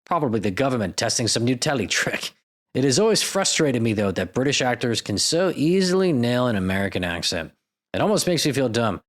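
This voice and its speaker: A man's voice: medium pitch, big pitch swings, brisk. A man hosting a podcast, reading out stories with irreverent, profane, jokey asides. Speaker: podcast host. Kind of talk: comedic podcast narration.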